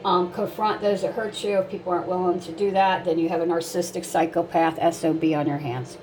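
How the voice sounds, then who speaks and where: A woman's voice: lowish voice, fairly even intonation, brisk, darkish tone, a little hiss or hum, rough recording. A woman giving blunt life advice in a rambling casual monologue, repeating herself and using lots of fillers.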